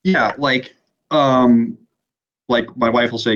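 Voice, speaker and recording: A man's voice: mid-range voice, a bit bright, highs cut off. A man calling in to an advice show, speaking hesitantly with many restarts. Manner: hesitant, halting. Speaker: caller. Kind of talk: phone-in conversation.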